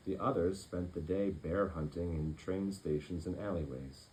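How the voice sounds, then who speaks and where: A man reading a children's picture book aloud as a bedtime story, with an expressive, lilting delivery. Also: deep voice, normal speed, few pauses, slight background noise, poor audio.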